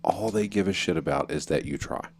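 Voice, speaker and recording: A man chatting casually on a podcast, playful and given to campy high-voiced asides. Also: fairly quick, a little mellow, slightly rough, dry recording. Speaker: podcast guest. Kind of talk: casual chat.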